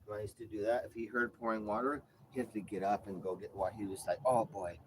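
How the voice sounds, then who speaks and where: A man with a low voice, talking off the cuff in a loose, rambling way. He swears freely and drifts between chatter and gentle pet talk, with a faint hum of noise behind him. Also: steady tone, fast, poor audio. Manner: rambling and profane, shifts into soft coaxing pet talk. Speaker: vlogger. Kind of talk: casual monologue while caring for his cat.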